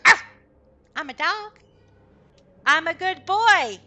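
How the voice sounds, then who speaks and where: An excitable young male puppy yaps his lines high and loud, bragging that he is a good boy and a smart dog, as a woman puts him on. He is blunt and boastful, and all his talk is about fighting undead. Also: slow, no echo, exaggerated voice. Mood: excited. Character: eager young male magical puppy, bloodthirsty toward undead.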